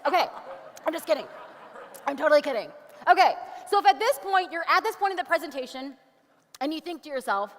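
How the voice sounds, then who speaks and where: A woman giving an energetic conference presentation on stage, upbeat and animated, with quick jokey asides. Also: sits high. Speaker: conference speaker. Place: large conference hall. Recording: long hall reverb.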